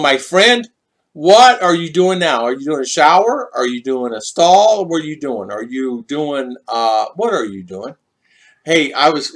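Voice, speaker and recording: A man hosting a casual live stream, chatting with viewers and greeting them by name. He is animated and chuckles often. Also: medium pitch. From United States.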